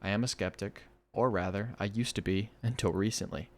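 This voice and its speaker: A man's voice: fairly low pitch, fairly even intonation, brisk. Man reading horror stories aloud. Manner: enthusiastic, chatty between stories.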